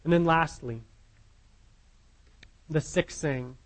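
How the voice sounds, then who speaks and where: A man's voice: on the high side, slow pace, rough recording. A man preaching a sermon, earnest, repeating his words and putting questions to his listeners.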